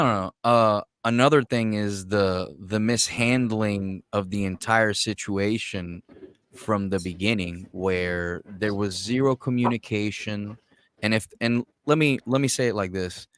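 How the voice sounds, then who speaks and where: A man speaking as a guest on a casual podcast, making his points in a measured, deliberate way. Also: lowish voice, clear, resonant tone, no room sound, clean studio sound.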